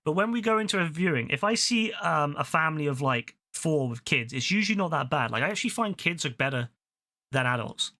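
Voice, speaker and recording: A man's voice: on the high side, fairly quick. A man, chatting casually while gaming, ranting animatedly with a lot of swearing. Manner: ranting, profane, animated storytelling. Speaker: gaming video host.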